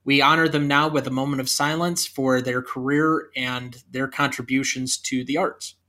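A man's voice: medium pitch, steady tone, moderate pace, bright, forceful tone. A man co-hosting a podcast about movies, chatting casually and reading quotes aloud with some flair. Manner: reads movie quotes aloud in a lightly acted voice. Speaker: podcast co-host. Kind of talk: casual film discussion.

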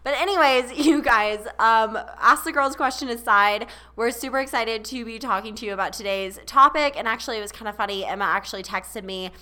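A woman's voice: a little high, brisk, hardly any pauses, bright, forceful tone. A young adult woman co-hosting a podcast, telling stories in casual chat with quoted asides. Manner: chatty, storytelling with quoted asides. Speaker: podcast co-host.

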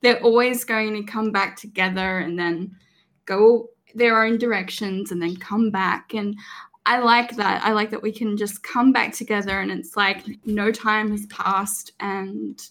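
A woman in a casual group chat, speaking in an unhurried, reflective way. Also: medium pitch, fairly even intonation, fairly bright tone.

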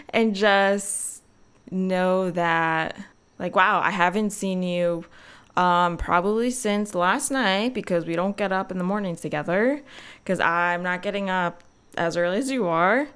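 A woman's voice: lowish voice, fairly even intonation, a little slow, a bit bright, clear, resonant tone. A young woman hosting a podcast, chatting casually and rambling with lots of fillers. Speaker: podcast host. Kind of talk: casual solo podcast chat.

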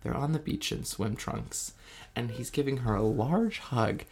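A man's voice: medium pitch, sing-song, unhurried, a little mellow. A man co-hosting a casual pop-culture chat, campy and gossipy, full of "like". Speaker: podcast co-host.

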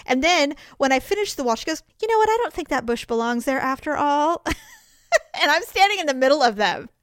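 A woman's voice: high-pitched, a little fast, no echo, clean studio sound. A woman telling family stories in casual chat, acting out the voices of the people in them. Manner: animated, acts out voices of family members while telling stories.

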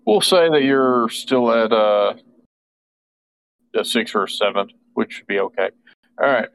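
A man narrating and running a tabletop role-playing game, halting often with fillers. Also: mid-range voice, expressive, slight background noise, rough recording. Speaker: game master.

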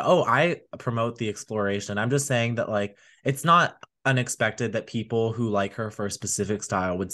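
A man's voice: on the low side, fairly bright tone. A man co-hosting a podcast, chatting casually and rambling with lots of fillers. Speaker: podcast co-host. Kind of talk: casual chat.

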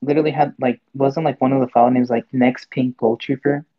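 A man's voice: medium pitch, fairly even intonation, brisk. A young man co-hosting a casual gaming podcast, stumbling over his words as he argues his point. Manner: stumbling, says he stutters a lot. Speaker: podcast co-host. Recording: dull lo-fi mic.

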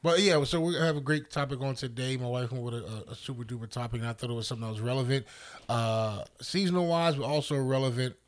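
Man, podcast co-host, casual chat, upbeat, mid-pitched, repeats himself. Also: fast talker. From Northeastern United States. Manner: upbeat, greets listeners as family, repeats words.

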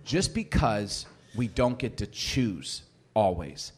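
A man's voice: on the low side, slow, breathy edge. A man in his forties, a pastor telling a family story in a sermon and acting out the people in it. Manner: animated storyteller, acts out family members' voices.

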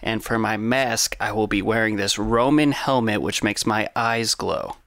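A man with a gravelly voice, joking his way through a tabletop game. His playful talk is recorded dry and close. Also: fairly low pitch, fairly even intonation, unhurried, a bit bright, no room sound. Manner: goofy, playful. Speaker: player. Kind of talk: casual tabletop play.

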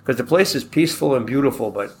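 A man from Buffalo telling a long personal anecdote in a relaxed, rambling way, acting out the quoted dialogue as he goes. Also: medium pitch, quick pace. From Buffalo, New York. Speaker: guest telling a personal story.

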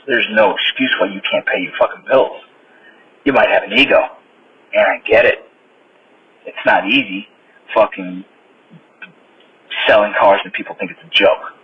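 A man's voice: on the low side, husky. Blunt, swearing man ranting on a podcast. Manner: blunt, swears constantly, frustrated. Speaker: podcast host. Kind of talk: profane motivational rant. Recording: slightly dull sound with faint noise.

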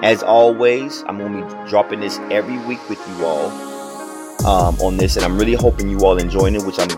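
A man's voice: lowish voice, steady tone, fairly quick, over music. A man hosting his own podcast as a personal trainer, giving an emphatic, repetitive motivational talk full of rhetorical questions.

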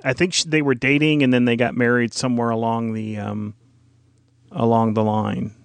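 A man's voice: mid-range voice, flat delivery, moderate pace, creaky, smooth, no room sound. Informative male podcast co-host, dry sound. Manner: informative, explains details at length. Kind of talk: casual film discussion.

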